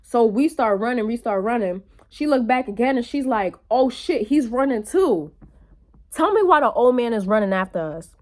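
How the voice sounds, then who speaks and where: Young woman vlogging, telling a wild story, swears a lot, kinda high voice, super animated. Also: a little fast, hardly any pauses. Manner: animated, profane, storytelling with acted quotes. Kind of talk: casual storytelling vlog.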